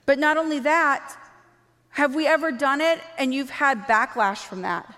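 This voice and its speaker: High-voiced woman preaching in a big hall. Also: measured pace. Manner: animated, acts out quoted dialogue. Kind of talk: sermon. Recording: long reverb of a large hall.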